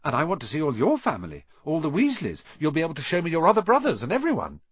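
A man voicing an eager eleven-year-old boy wizard in an audiobook reading, urgent and pitched up. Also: huge pitch swings, normal speed, breathy edge, no room sound, muffled recording, exaggerated voice.

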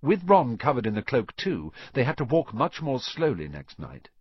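A man narrating a story in an expressive reading voice, dropping to a hush at quiet moments. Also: mid-range voice, moderate pace, husky, no room sound, muffled recording. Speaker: audiobook narrator.

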